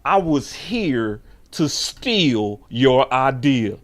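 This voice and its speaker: A man telling a story in a casual, animated way and acting out the voices of the people he quotes. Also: medium pitch, extremely slow. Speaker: sports show host.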